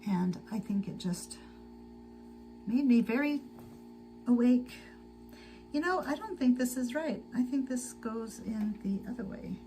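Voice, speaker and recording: A tired woman hosting a casual sewing livestream, chatting slowly to viewers and to herself as she works. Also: a little high, expressive, dark tone, soft background music, rough recording. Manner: slow, chatty, talks to herself while working. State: tired and sleepy.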